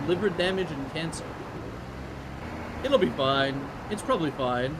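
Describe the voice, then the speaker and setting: A man's voice: a little high, expressive, a little slow, long pauses, very noisy. A man streaming a game, thinking aloud to his chat in a loose, muttering, self-mocking way. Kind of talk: casual gameplay commentary to chat.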